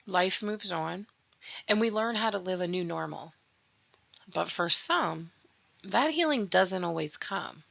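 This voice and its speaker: A woman's voice: medium pitch, creaky, sharp tone. A young adult woman hosting a podcast, telling a personal story of grief in an earnest, reflective way. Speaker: podcast host. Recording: dull lo-fi recording.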